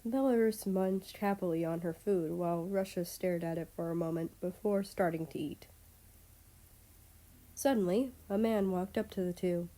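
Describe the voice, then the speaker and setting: A woman's voice: fairly low pitch, moderate pace, mellow. A woman reading fan fiction aloud as narrator. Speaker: story reader.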